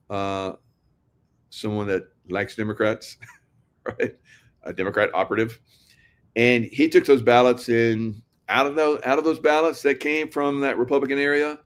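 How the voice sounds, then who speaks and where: A man hosting an online commentary show, talking casually to viewers in a rambling, sardonic way with frequent laughs. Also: medium pitch. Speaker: political commentary host.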